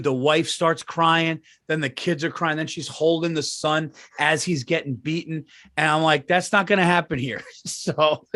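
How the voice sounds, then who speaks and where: A man co-hosting a comedy podcast, telling stories in casual chat, acting out other people's lines in a higher voice and swearing freely. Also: dry recording, clean studio sound. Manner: animated storyteller who acts out quoted voices in a raised pitch.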